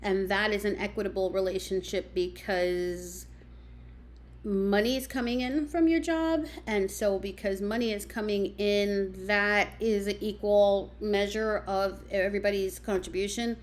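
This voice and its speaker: A woman hosting a commentary, calmly questioning the men in her audience and listing out household tasks. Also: medium pitch. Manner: measured, questioning, lists things out. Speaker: commentary host. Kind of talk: reaction commentary.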